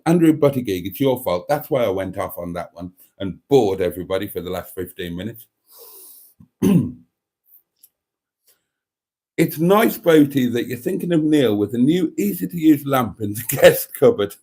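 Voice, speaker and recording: A man's voice: medium pitch, expressive, unhurried, long pauses, a little mellow. A man hosting a casual live stream, rambling through a story and reading out viewer comments.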